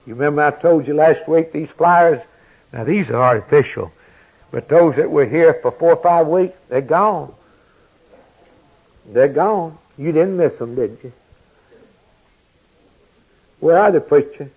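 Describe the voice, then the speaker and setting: Impassioned preacher, husky lo-fi sermon. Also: male voice, measured pace, pauses often. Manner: impassioned, rising to high emphatic cries.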